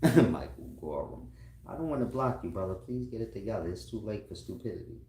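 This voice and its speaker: A man's voice: fairly low pitch, big pitch swings, brisk, mellow. A man talking in a loose, rambling, profane monologue, laughing often. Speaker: online commentator. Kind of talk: casual monologue. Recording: roomy echo.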